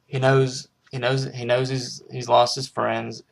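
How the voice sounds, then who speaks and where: A man's voice: medium pitch, little pitch movement, unhurried, gravelly. A man casually reviewing a film, rambling with frequent restarts and hesitations.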